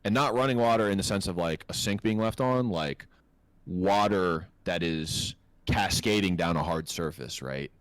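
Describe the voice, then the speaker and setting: Low-voiced profane podcast storyteller man. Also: normal speed, smooth, no echo. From North America. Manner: animated, profane storyteller, laughs a lot. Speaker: podcast host. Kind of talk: casual storytelling chat.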